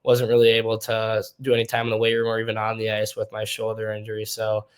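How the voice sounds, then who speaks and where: A young man from Minnesota talks in a low voice that barely rises or falls, keeping an even, level tone through his answers. He tells his stories loosely and casually, with plenty of filler words, like a guest chatting on a sports podcast. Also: quick pace, smooth. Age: young adult. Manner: relaxed, loose storytelling with many fillers. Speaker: hockey prospect guest.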